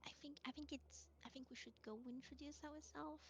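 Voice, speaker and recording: A woman's voice: high-pitched, steady tone, brisk, a little hiss or hum. A woman playing a polite, unsure female adventurer with a French accent in a tabletop role-play, hesitating and searching for words. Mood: hesitant. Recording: dull lo-fi mic.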